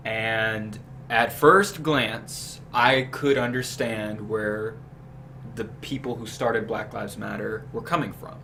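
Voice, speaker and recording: A man's voice: lowish voice, steady tone, takes it slowly, vocal fry, sharp tone, a little hiss or hum, poor audio. A young adult man, a guest on a podcast, laying out his political views at length in an earnest, casual way. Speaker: podcast guest, new team member.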